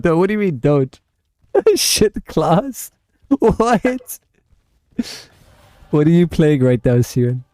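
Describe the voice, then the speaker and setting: Brief: South African male streamer, fairly high voice, warm and mellow tone, loose chatty delivery into a dry close mic. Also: no room sound. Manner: rambling, chatty, reads and answers chat. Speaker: livestream host and gamer. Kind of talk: casual livestream chat.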